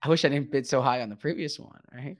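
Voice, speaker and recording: Dude on a podcast, stammers a lot, restarts sentences, mid-pitched. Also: male voice, fairly even intonation, quick pace. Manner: hesitant, stammering, restarts often. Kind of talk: casual chat.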